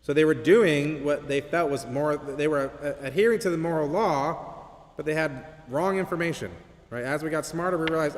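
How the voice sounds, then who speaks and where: A man's voice: fairly high pitch, moderate pace, slight background noise. A man teaching an apologetics class at a church in a conversational way, often checking in with "right?". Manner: conversational, keeps asking "right?". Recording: long hall reverb.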